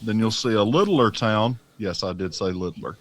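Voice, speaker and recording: A man's voice: on the low side, expressive, moderate pace, a bit bright, a little hiss or hum. A man with a Southern US accent from Alabama, a podcast guest telling stories in an easygoing, joking way. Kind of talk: casual chat.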